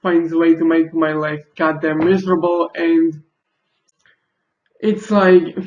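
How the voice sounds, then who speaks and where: Tearful young man, halting and broken. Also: fairly high pitch, flat delivery, a little mellow, echoey room, a little hiss or hum. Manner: halting, broken sentences and repeated curses. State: crying. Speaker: video creator. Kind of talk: personal confessional vlog. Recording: dull lo-fi recording.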